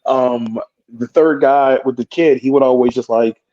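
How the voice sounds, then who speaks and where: A man's voice: medium pitch, unhurried, lo-fi sound. A man, a wrestler guest on a podcast, telling a story with lots of profanity and acting out the quotes. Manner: profane, animated, acts out quotes. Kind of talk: animated storytelling.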